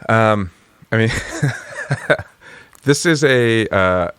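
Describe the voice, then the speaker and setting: A man's voice: on the low side, expressive, very slow, fairly bright tone, smooth, dry recording. A man co-hosting a podcast, tossing in easygoing ideas and chuckling often in casual banter. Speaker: podcast co-host. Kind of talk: casual comedic brainstorming chat.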